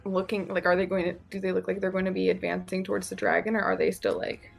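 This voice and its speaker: A woman's voice: medium pitch, little pitch movement, quick pace, vocal fry, faint music behind. A woman player in a tabletop game asking questions hesitantly, with fillers. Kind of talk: casual game talk.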